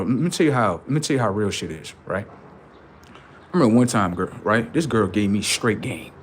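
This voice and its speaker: A young man ranting in a loud comedic streetwise voice, swearing and swinging between high outbursts and low mutters. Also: slight background noise. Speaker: comedic streamer. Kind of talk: comedic rant with character bits.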